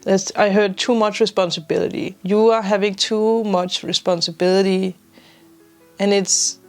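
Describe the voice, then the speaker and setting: A woman giving a spiritual tarot reading to her viewers, emotional and teary, laughing through tears as she offers gentle, reassuring guidance. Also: medium pitch, fairly even intonation, moderate pace, soft background music. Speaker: tarot reader.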